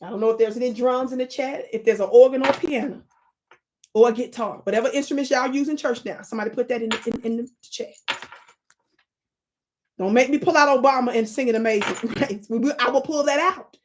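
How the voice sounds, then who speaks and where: A woman hosting a live stream, reading history aloud and calling out to her chat in an animated, preachy way. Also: on the high side, fairly quick, noisy background. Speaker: livestream host.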